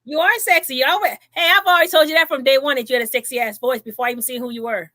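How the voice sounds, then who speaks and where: A woman's voice: high voice, racing, no echo, clean studio sound. A woman comedian hosting a casual livestream chat, straight-talking. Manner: straight-talking, loud bursts of laughter.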